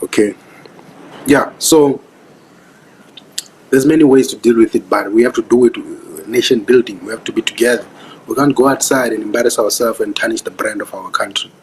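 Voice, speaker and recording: Speaking at a moderate pace in a medium-pitched voice, this young South African man offers casual commentary on a live stream. He is earnest and preachy and keeps checking whether you understand. The recording is low quality with slight background noise.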